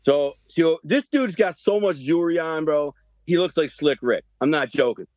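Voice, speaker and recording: A man in his fifties from the Detroit area, telling a story as a podcast guest in animated, profane street slang. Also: fairly high pitch, moderate pace, no echo, lo-fi sound. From Detroit area, Michigan. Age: 50s. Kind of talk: storytelling interview.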